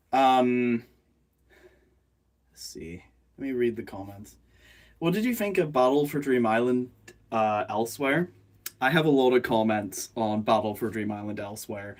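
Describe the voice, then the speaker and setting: A man chatting casually on a live stream from his bedroom, self-mocking, jokey and rambling, speaking into a phone rather than a proper microphone. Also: medium pitch. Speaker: streamer and animator. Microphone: phone, not a proper microphone.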